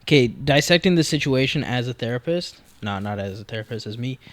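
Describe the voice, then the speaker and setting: A man trades quick, joking retorts in a casual podcast chat, his voice sitting in a middle pitch. The recording is dry and close. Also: lively intonation, no room sound. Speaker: podcast co-host.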